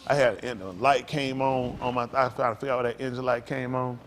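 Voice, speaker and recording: Folksy preacher man, loud bursts. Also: medium pitch, steady tone, quick pace, a little hiss or hum. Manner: folksy, rambling storytelling with sudden loud emphasis. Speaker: pastor. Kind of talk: preaching to a congregation.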